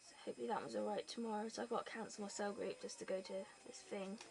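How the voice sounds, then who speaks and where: A woman's voice: mid-range voice, steady tone, racing, vocal fry, a little mellow. A young British woman, pregnant, chatting casually in a home vlog, telling stories and acting out the people in them. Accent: British English. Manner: chatty storytelling, acts out quoted people. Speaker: vlogger. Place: bedroom floor at home. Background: gerbils rattling.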